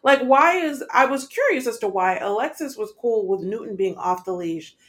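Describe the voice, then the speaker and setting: Lively, expressive woman co-host. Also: fairly high pitch, moderate pace. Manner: expressive, exasperated commentary. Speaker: podcast co-host. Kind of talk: casual recap chat.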